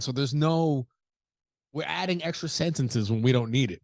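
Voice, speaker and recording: A man talks through a solo podcast in a loose, blunt, profane way, often slipping into acted-out quotes of other people. His voice has a gravelly edge. The sound is close and dry, with no room around it. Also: a little high, normal speed, no room sound. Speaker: podcast host. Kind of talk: casual solo podcast commentary.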